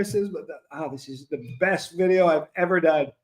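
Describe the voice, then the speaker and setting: A man with a high, light voice chats through a live stream, reading viewer comments aloud. He breaks into laughter again and again and sounds delighted by the jokes. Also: lively intonation, normal speed, darkish tone. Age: 50s. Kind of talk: casual live-stream chat.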